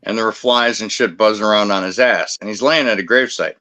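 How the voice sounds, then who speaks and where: Blunt, bright-voiced man in his fifties. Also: on the low side, fast talker. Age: 50s. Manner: blunt, profane, combative. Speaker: security guard. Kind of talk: casual storytelling on a talk show.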